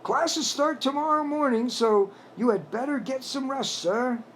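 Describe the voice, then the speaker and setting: A man's voice: very high voice, a little slow, slight background noise, pitched above the performer's own voice. A man voicing a stately, dignified male frog butler in a storybook, with a stiff English accent and a firm yet caring manner. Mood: formal.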